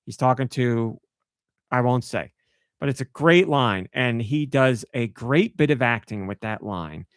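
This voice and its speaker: A man's voice: mid-range voice, measured pace, smooth, no echo, clean studio sound. A man hosting a podcast, ranting about a pet peeve and acting out his own reactions in casual chat. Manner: animated storytelling, acts out his own outbursts. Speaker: podcast host.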